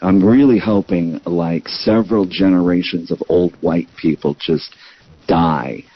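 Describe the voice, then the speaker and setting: A man's voice: low-pitched, unhurried, slightly rough, highs cut off. A man in his fifties, a guest in a casual chat, blunt and opinionated. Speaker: podcast guest.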